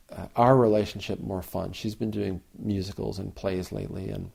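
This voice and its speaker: A man's voice: fairly low pitch, gravelly, warm tone. A man giving a reflective dharma talk as a Zen teacher, repeating phrases and sometimes chanting lines aloud. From Canada.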